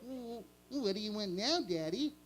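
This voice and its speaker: A man voicing a small, meek male cartoon bear sidekick in a high, whiny voice. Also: animated, moderate pace.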